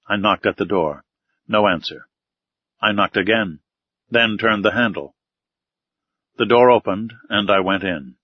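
Brief: male audiobook narrator, measured and formal, lowish pitch, dry close recording. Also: no echo. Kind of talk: first-person audiobook narration. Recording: slightly dull, dry recording.

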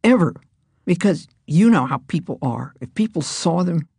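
A woman voicing an earnest, protective young boy who talks quickly and firmly. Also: lowish voice, lively intonation, gravelly, dark tone, slightly rough, no echo, studio quality, heavily acted. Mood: fierce.

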